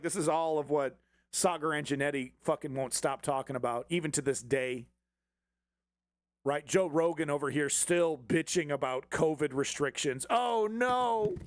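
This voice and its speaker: A man's voice: on the high side, dry recording. A man hosting a political commentary stream, ranting with heavy swearing and sarcastic mockery. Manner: sarcastic, swears often, mocks opponents in put-on voices.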